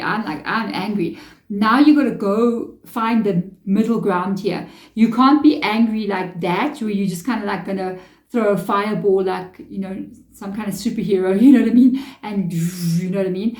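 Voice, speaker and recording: Woman tarot reader, chatty and animated, mellow voice, echoey room. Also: mid-range voice. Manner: chatty, animated, many fillers and self-talk. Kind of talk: casual tarot reading to camera.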